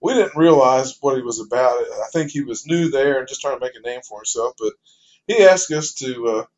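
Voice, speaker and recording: A man's voice: mid-range voice, normal speed, darkish tone. A man casually telling a joke as a personal anecdote, folksy and rambling with fillers. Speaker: storyteller. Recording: dull lo-fi recording.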